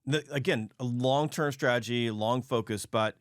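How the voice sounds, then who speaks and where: A middle-aged man hosts a sales podcast at a mid pitch. He coaches emphatically and repeats key phrases to drive them home. His voice sounds dry and close to the mic. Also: moderate pace, no room sound. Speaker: podcast host. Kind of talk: casual interview talk.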